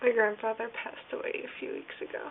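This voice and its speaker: High, creaky woman on a tinny recording. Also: flat delivery. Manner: rambling, halting, full of "like" fillers. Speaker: vlogger. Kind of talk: casual video diary confession. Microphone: phone or camera filming herself. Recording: tinny phone-like sound with faint hiss.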